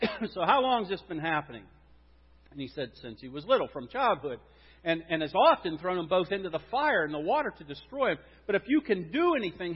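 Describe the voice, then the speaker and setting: A man preaching a sermon as pastor, emphatic, swinging from loud stressed words to quiet drops. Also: high voice, slightly rough. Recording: dull sound with long reverb in a hall.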